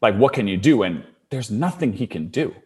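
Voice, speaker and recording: A man's voice: mid-range voice, very animated, moderate pace, darkish tone, husky. A young adult man casually telling a long personal story, with lots of "like" fillers and his voice rising when he gets worked up. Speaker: storyteller guest.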